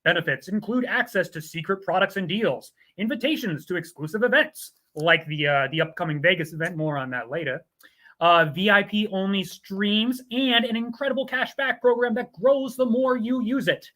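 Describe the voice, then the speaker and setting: A man's voice: sits high, normal speed, sharp tone. A man co-hosting a show, mixing casual chat with joking, playfully scripted ad reads. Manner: jokey, playful. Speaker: co-host.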